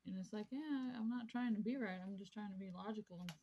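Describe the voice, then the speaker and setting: A woman's voice: medium pitch, fast talker, gravelly, warm tone, a little hiss or hum. A woman vlogging casually about her craft hobby, rambling and repeating herself in an easygoing way. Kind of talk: casual chat while crafting.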